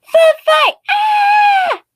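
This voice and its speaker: A woman voicing a spoiled, whiny little boy who squeals and demands things in a shrill, high voice. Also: expressive, a little slow, full character voice. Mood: whiny excited.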